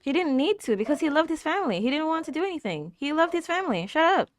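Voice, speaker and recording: Female reaction host, chatty and animated, talks back at the screen; dry, close sound. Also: high voice, quick pace, dry recording. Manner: laughs often and coos at cute moments. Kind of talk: casual reaction commentary.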